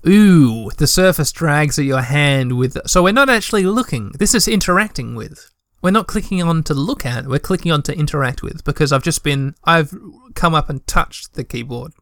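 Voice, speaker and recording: A man's voice: a little high, lively intonation, moderate pace, hardly any pauses, fairly bright tone, no echo, studio quality. A young man reading a text adventure aloud in a let's play, with chatty, joking asides.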